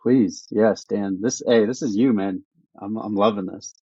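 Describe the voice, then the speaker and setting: A male podcast host with a slightly husky voice cheers his guest on with short, easy replies. The recording is dull and lo-fi, with a dry, close sound. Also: lowish voice, steady tone, a little slow, dark tone, dry recording. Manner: encouraging listener with short affirmations. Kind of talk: casual interview chat.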